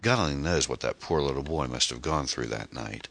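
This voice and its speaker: A man's voice: a bass voice, fairly quick, a bit bright, heavily acted. A man voicing a weary, grieving single mother as he reads a mystery novel aloud. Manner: weary, strained.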